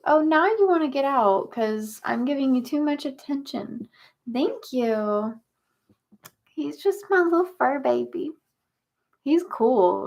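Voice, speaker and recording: Young woman chatting slow on her livestream, kinda high voice, baby talk to her cat. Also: vocal fry. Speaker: livestream host. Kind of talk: casual livestream chat.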